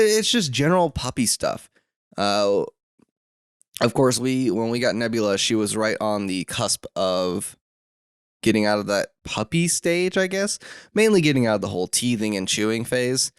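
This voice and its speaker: A young man hosting a solo podcast from a room at home, rambling with lots of fillers and restarts, his throat rough and catching. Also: lowish voice, lively intonation, moderate pace, no room sound, studio quality. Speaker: podcast host.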